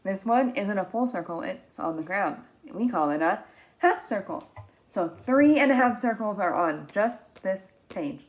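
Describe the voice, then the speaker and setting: A woman teaching young children, reading a picture book aloud in an animated, expressive way, gasping and asking them questions. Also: mid-range voice. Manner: animated and expressive, with frequent gasps and drawn-out words.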